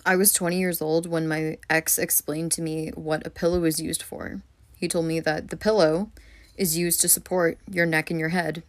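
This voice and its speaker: Woman poet, low voice, level delivery, dry recording. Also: level tone, moderate pace, dry recording. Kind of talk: storytelling to camera.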